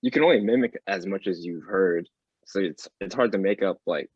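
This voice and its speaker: Husky low-voiced young male guest. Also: brisk, dry recording, lo-fi sound. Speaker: podcast guest. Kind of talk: casual chat.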